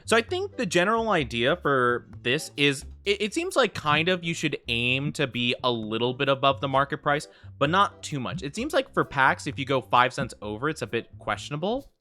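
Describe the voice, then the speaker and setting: A man's voice: medium pitch, sing-song, normal speed, hardly any pauses, bright, forceful tone. A man streaming a game, chatting casually in a rambling way, full of fillers and laughing easily. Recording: faint background music.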